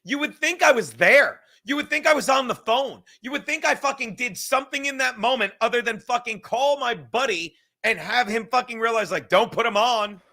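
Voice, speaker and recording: A man's voice: extremely high pitch, lively intonation, sharp tone. A man hosting a podcast, ranting sarcastically and with heavy profanity as he reacts to clips. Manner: sarcastic, profane, fast-building rant. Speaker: podcast host. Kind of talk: animated ranting commentary.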